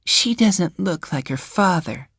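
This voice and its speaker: Daisy, a breathy young rich woman, as a man puts her on. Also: high-pitched, animated, slow pace, fairly bright tone, no echo, clean studio sound, voice pushed up, exaggerated voice. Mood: doting. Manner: breathy, sighing, half-whispered. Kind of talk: audiobook character voice.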